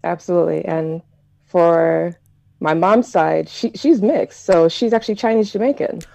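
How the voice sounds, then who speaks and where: A woman's voice: fairly low pitch, normal speed, gravelly, dark tone, dry recording, poor audio. An American woman telling stories in a casual group discussion, chatty and reflective with plenty of fillers. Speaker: discussion participant.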